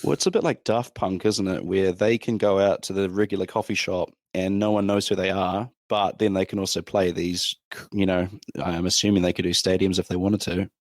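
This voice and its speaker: A young man hosts a casual podcast interview, friendly and hesitant, with frequent ums and uhs. His voice is low. The sound is dry and close, with no room echo. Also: steady tone, a little fast, few pauses. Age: young adult. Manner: friendly, filler-heavy, hesitant. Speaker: podcast host.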